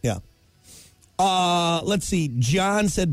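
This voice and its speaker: A man's voice: on the high side, expressive, moderate pace, dry recording, faint music behind. A man, co-hosting a show in casual, playful banter and reading listener answers aloud. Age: 30s. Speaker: radio show co-host.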